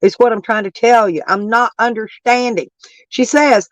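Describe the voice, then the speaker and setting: A woman's voice: on the high side, moderate pace, dry recording, low-quality recording. A brash, profane woman hosting a livestream, arguing with her chat while her voice is worn down by allergies. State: voice lowered and rough from allergies. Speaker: livestream host reading chat. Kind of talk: casual livestream rant.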